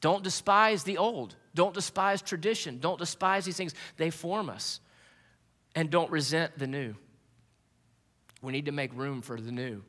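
A man preaching to his congregation, his voice bright and forceful and a little high. He tells stories earnestly, often restarting his phrases. The sound rings with a long reverb from the church sanctuary. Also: a little slow. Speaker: pastor. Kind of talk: sermon.

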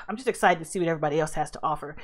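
A young adult woman giving casual reaction commentary as a host, excitable and profane with frequent exclamations. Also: low-pitched, racing.

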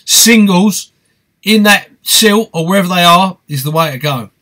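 A man's voice: high voice, expressive, a little slow, sharp tone. A man hosting a live stream, reading out viewer comments and answering them in a chatty, friendly way. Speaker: host of a fishing live stream.

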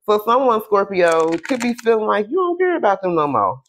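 A man giving a casual tarot reading to camera. He keeps checking in with "okay?" and "y'all", swears freely, and draws his questions to Spirit out slowly while he shuffles. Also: sits high, very animated, fairly bright tone, a little hiss or hum. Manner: chatty, tags lines with "okay?" and "y'all". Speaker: tarot reader.

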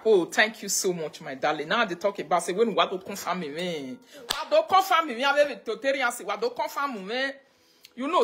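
A woman's voice: medium pitch, a bit bright, husky. A woman with a Nigerian Pidgin accent hosting a casual live stream, greeting viewers and chatting, sometimes breaking into chanted prayer lines, speaking into a phone. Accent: Nigerian Pidgin English.

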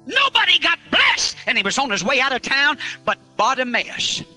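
Fiery revival preacher, high bright voice. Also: male voice, big pitch swings, moderate pace, faint music behind, poor audio. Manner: fiery, shouting, storytelling with call-outs to the crowd. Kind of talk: revival sermon.

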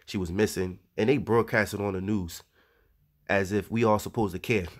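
A man's voice: lowish voice, fairly even intonation, moderate pace. A man giving informal scripture teaching in a conversational way, reading verses aloud and adding frequent asides. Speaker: religious teacher.

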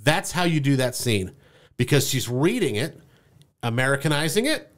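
A man co-hosts a movie podcast in a mid-range voice at normal speed. He talks animatedly in casual chat, acting out quoted lines and laughing often.

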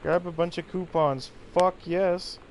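An excitable male gamer swears freely and reads notes aloud as he plays. His voice sits a bit high for a man. Faint rain and ambience hiss underneath the game audio. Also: unhurried, low-quality recording. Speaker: gaming YouTuber. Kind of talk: casual let's-play commentary.

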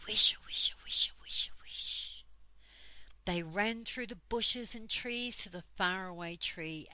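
Slow, bright older woman reading aloud. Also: medium pitch, no room sound, poor audio. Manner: slow, gentle storytelling. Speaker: storyteller. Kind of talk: reading a children's book aloud.

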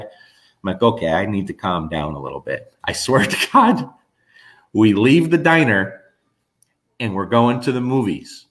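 A middle-aged man from New Jersey telling stories in a casual chat with viewers, rambling with restarts. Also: fairly low pitch. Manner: animated storyteller, rambling restarts. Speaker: host.

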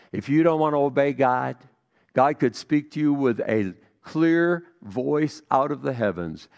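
Gravelly-voiced pastor preaching a sermon. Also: male voice, medium pitch. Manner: storytelling, swings from hushed to emphatic.

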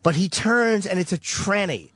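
A man's voice: high voice, animated, moderate pace, a bit bright, breathy edge, no echo, clean studio sound. A man on a radio show rambling through a long, profane story in casual talk. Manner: profane, rambling, vivid retelling.

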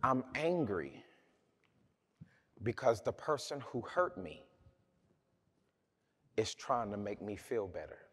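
A man's voice: on the low side, big pitch swings, slow pace, pauses often, slightly rough. A man preaching a sermon, telling a personal story in a conversational, humorous way with many restarts.

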